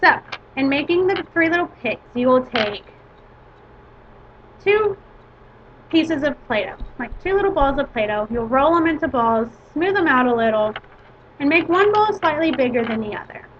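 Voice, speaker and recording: A woman teacher with a high-pitched voice guides her class through a lesson step by step, in a measured way. The audio is dull and lo-fi, with faint hiss underneath. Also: expressive.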